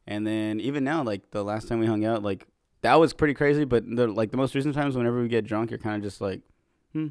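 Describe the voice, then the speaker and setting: Male podcast co-host, quick and laid-back, casual swearing, dry close mic. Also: mid-range voice, darkish tone, smooth, no room sound. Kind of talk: casual chat.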